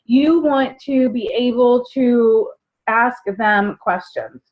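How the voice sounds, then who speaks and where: A woman with a slightly high voice coaches new sellers in a loose, chatty way. She keeps slipping into little acted dialogues to show how a customer talk goes. The sound is dull and lo-fi. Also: slow pace. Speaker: sales trainer. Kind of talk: casual training talk.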